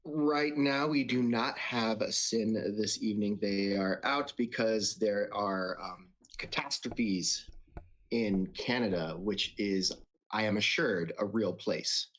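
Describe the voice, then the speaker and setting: Slow-talking low-voiced male host. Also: a bit bright. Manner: jokey, dry asides. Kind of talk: casual stream chat.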